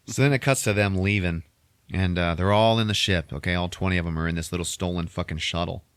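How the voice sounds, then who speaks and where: A man casually recapping a movie on a podcast, swearing constantly and acting out the characters in quick voices. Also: low voice, smooth, dry recording, clean studio sound.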